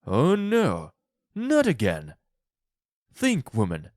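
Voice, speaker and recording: A man's voice: on the low side, slow pace, a little mellow, no echo, clean studio sound. A man voicing a tired, fearful old husband who urges and warns in firm, pleading words. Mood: urgent.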